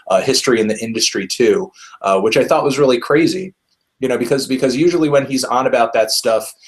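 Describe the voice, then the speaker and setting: A man's voice: mid-range voice, brisk. A man hosting a casual album review discussion, thinking aloud with frequent fillers and restarts. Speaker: music reviewer, host.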